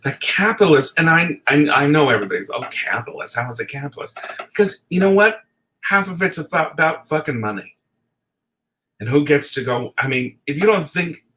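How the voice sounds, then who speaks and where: A man's voice: a little high, sharp tone, rough recording. A middle-aged man delivering an impassioned, profane late-night rant, at times teary. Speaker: video essayist.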